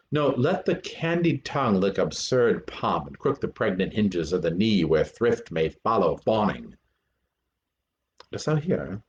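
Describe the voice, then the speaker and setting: A man reading a play aloud as Hamlet, an earnest young prince lecturing actors, with animated, deliberate verse delivery. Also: fairly low pitch. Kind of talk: amateur dramatic reading. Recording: dull lo-fi recording.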